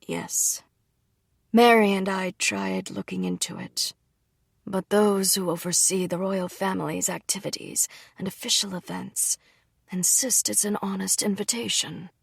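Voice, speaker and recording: A woman voicing a strict but softened noble father, speaking slowly and frankly in a storybook reading. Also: mid-range voice, expressive, creaky, husky, no room sound, clean studio sound. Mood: measured.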